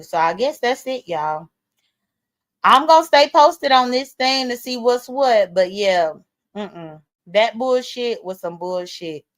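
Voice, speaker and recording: A woman hosting a casual livestream, talking straight to her viewers with blunt, profane emphasis. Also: medium pitch. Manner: talks straight to viewers as "y'all". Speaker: livestream host. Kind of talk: casual live-stream commentary.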